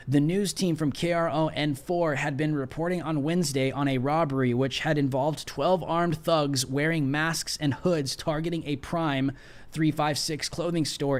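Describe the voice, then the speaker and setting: A man hosting a political livestream, reading a news article aloud with emphatic, sarcastic asides. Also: on the high side. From United States. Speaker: political commentary host.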